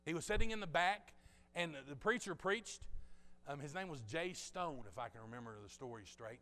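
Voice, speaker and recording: Guy preaching a sermon, bright sharp voice, gets loud then goes quiet, big echoey church hall. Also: on the high side, expressive, moderate pace. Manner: impassioned storytelling, swinging between loud and hushed. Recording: long reverb of a large hall.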